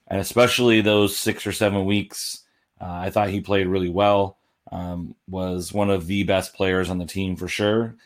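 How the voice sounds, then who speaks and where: A man co-hosting a casual sports podcast over a call, measured and earnest, filling with um and you know. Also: deep voice. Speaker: podcast co-host.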